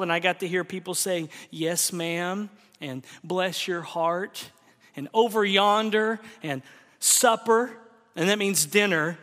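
A man's voice: sits high, sharp tone. A pastor from Oklahoma preaching a sermon to his church, telling folksy, joking stories. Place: church sanctuary. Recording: reverberant church hall.

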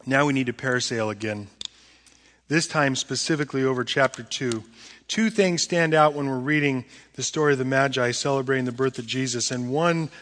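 A man preaching a sermon as pastor, swinging from quiet low murmurs to loud, emphatic high peaks. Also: a little fast. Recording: long hall reverb.

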